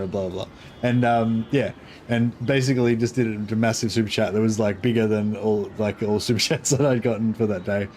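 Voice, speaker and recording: A man's voice: on the low side, normal speed, darkish tone, a little hiss or hum. A man chatting casually on a game livestream, rambling, chuckling and reading chat aloud. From Australia. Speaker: streamer. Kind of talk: casual live-stream chat.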